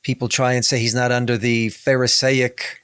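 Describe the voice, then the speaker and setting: Emphatic rabbi, dry close sound. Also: male voice, mid-range voice, little pitch movement, normal speed, fairly bright tone, smooth, dry recording. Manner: emphatic, repeats key phrases, reads scripture aloud. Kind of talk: conversational podcast discussion.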